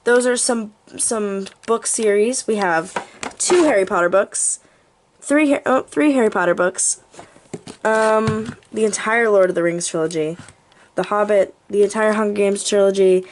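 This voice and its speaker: Out of breath, a young woman tours her bedroom for her channel in a casual, goofy way, throwing in playful jokes. This vlogger speaks in a mid-range voice at a moderate pace, with slight background noise.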